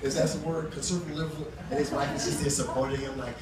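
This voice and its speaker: A man's voice: fairly high pitch, little pitch movement, very fast. A man doing live stand-up storytelling on a small club stage, talking in a loose, chatty way with restarts and fillers. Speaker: stand-up comedian. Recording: echoey club sound from a distant mic, noisy.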